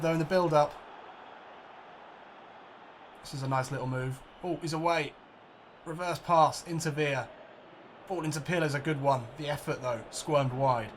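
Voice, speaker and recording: Gamer doing jokey match commentary. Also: male voice, on the high side, slight background noise. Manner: jokey, swings into excited outbursts and swearing. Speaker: let's play gamer. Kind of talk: mock football commentary over gameplay.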